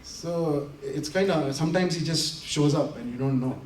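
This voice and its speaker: A man's voice: on the high side, moderate pace, background noise. Laughing man telling stories in a hall. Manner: animated, laughing often while acting out quotes. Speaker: invited speaker. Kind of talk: storytelling talk to an audience. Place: community center hall. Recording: roomy hall from a distance, faint ambience.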